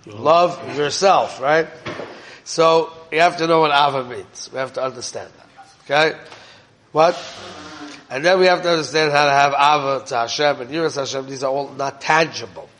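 A man's voice: medium pitch, moderate pace, fairly bright tone, a little hiss or hum. A man teaching an informal Torah class in a conversational way, often asking his listeners questions and mixing in Hebrew terms.

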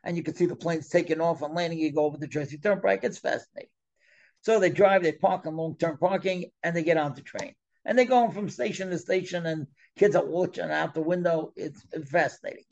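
A middle-aged man telling a story in an animated way, often letting his voice drop soft. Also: on the high side, a little fast, vocal fry, highs cut off. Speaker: storyteller guest. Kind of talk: conversational storytelling.

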